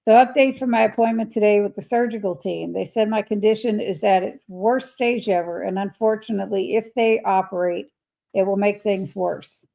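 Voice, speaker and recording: Older woman, livestream host, reading comments aloud, chatty, gravelly fry. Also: mid-range voice, normal speed, low-quality recording. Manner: chatty, reads messages aloud and replies warmly.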